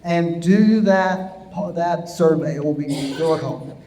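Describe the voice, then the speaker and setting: A man from the theater staff making brisk housekeeping announcements on stage in a large theater. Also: on the high side, dark tone, slight background noise. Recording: echoey theater hall.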